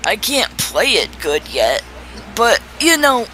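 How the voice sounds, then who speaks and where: A woman's voice: on the high side, big pitch swings, slow pace, pushed and bright, poor audio. A woman chatting casually in a voice chat, often laughing and teasing. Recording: clear background noise.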